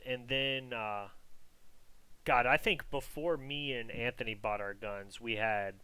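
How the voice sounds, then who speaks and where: Brash man with a bright, crisp voice. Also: mid-range voice, no echo. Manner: brash, profane, interrupting. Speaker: podcast co-host. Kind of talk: casual banter.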